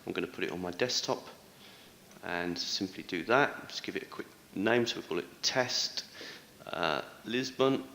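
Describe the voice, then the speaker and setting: A man's voice: low-pitched, normal speed, sharp tone, roomy sound, big-room sound. Man explaining a screencast tutorial. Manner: clear step-by-step explaining, careful word stress. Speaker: teacher trainer. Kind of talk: screencast tutorial played back.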